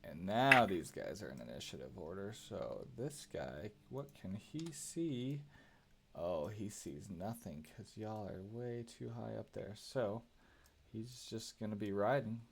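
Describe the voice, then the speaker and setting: A man narrating as game master in a tabletop game over voice chat, relaxed and joking as he moves the monsters. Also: on the low side, measured pace, vocal fry.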